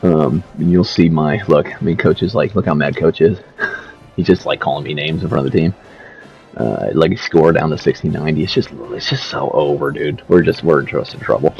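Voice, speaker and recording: Seated at his home setup, a gaming video creator rambles casually over his gameplay, full of slang and swearing. He speaks at normal speed in a slightly rough bass voice, faint music sits behind him, and the lo-fi mic is slightly dull.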